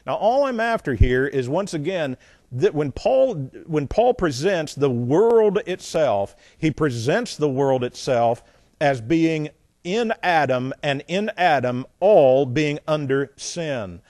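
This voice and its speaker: A man delivers a sermon, reading scripture aloud and breaking off into folksy asides. His voice sits a little high for a man, and he swings between loud emphasis and quiet remarks. The recording is dry and close, with no room echo. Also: big pitch swings, takes it slowly. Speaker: preacher. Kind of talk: sermon, Bible exposition.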